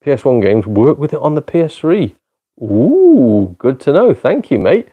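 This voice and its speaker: The sound is phone quality as this man, a gaming live streamer and part-time comedian, chats casually with viewers. His mid-range, slightly rough voice is very animated at normal speed, and he swears, laughs a lot, and jokes at his own expense.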